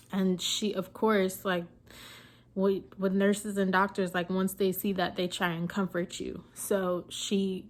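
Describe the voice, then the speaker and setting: A young woman telling a personal story in a vlog, emotional and teary, with frequent fillers and pauses. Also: mid-range voice. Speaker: vlogger.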